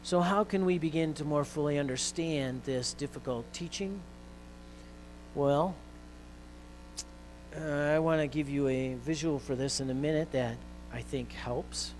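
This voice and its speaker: Male pastor, slightly high voice, casual preaching style with ums and restarts, soft mains hum under the mic. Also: measured pace, poor audio. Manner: conversational preaching with fillers, rising intensity when quoting scripture. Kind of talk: sermon.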